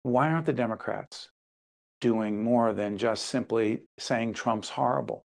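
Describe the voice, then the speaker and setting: A man's voice: mid-range voice, unhurried, creaky, a little mellow. A man hosting an interview, pressing his guest with pointed follow-up questions. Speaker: interview host.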